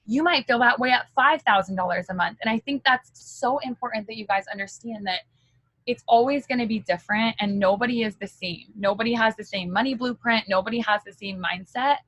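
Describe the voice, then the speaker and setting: A woman's voice: on the high side, a little fast, a bit bright, dry recording, rough recording. A woman giving a candid motivational talk as a direct-sales team leader, chatty and full of fillers.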